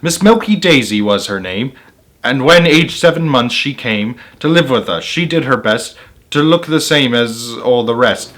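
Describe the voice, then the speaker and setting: A man reading a children's rhyming story aloud in a lively, expressive way. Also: medium pitch, measured pace.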